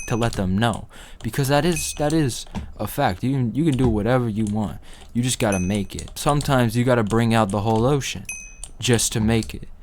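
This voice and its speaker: A man's voice: lowish voice, a little hiss or hum. Rambling young man joking over gameplay. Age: young adult. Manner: rambling, absurd deadpan jokes. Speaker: gaming commentator. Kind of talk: casual gameplay commentary. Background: faint keyboard clicks.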